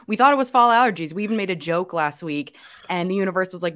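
A young woman co-hosting a podcast, raspy from a cold, chatting quickly and saying "like" a lot. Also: medium pitch, lively intonation, a bit bright. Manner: chatty, quick, says "like" often. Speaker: podcast co-host. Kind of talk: casual podcast chat.

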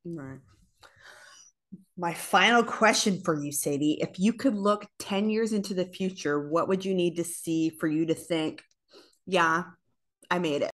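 A woman's voice: fairly low pitch, unhurried. A woman hosting a casual interview podcast, affirming and laughing easily. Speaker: podcast host.

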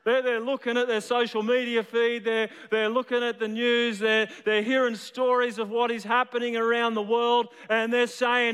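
A man's voice: very high voice, level tone, normal speed, few pauses, fairly bright tone, smooth, in a large hall. A man preaching a sermon as a storyteller, often repeating his words as he builds a point. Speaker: pastor.

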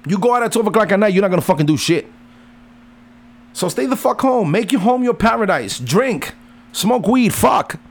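A man's voice: expressive, normal speed, creaky. Heated swearing man ranting. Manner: heated, swearing constantly, jumping up and down in pitch. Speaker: father ranting to camera. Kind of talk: profane rant.

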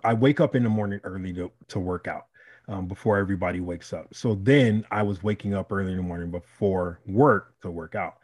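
Profane, animated man telling a story. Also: fairly low pitch. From Chicago. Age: adult, married. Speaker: podcast co-host. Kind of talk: casual storytelling chat.

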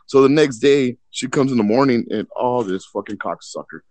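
On a podcast, a male co-host with a medium-pitched, somewhat dark voice tells a long, meandering story at a moderate pace, with no echo. He curses often and acts out the voices of the people in the tale, keeping it casual and rambling.

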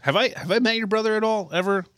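A man co-hosting a podcast in casual chat, excitable, often restarting his words and swearing casually. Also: high-pitched, quick pace, dry recording, studio quality. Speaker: podcast co-host.

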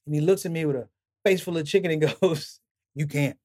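Middle-aged guy, comedian, telling stories on a podcast, kinda high voice, acts out every quote. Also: a little fast. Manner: animated storyteller, acts out quotes with laughs. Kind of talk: storytelling in casual interview.

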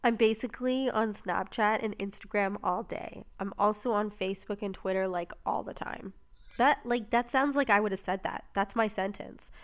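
A woman's voice: mid-range voice, normal speed. A woman co-hosting a podcast in casual chat, talkative, laughing often and swearing casually. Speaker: podcast co-host.

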